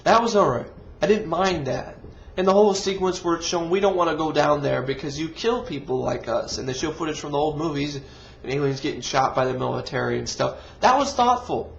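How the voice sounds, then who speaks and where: A man's voice: a little high, a little fast, vocal fry, slight background noise. A man reviewing a movie in an exasperated, profane rant full of sarcasm. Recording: dull lo-fi recording.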